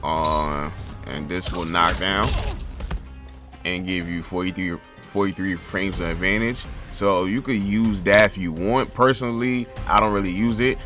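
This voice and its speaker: A man's voice: sits low, fairly even intonation, a little slow, music in the background. A man hosting his own fighting-game guide channel, talking in a loose, chatty way that often stumbles and repeats words. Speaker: gaming channel host. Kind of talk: casual game guide commentary.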